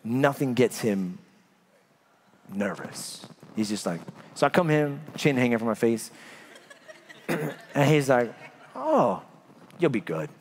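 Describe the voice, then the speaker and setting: A man preaching a sermon as pastor, telling stories with big swings from loud to hushed. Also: mid-range voice, takes it slowly, long pauses, slight background noise. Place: church.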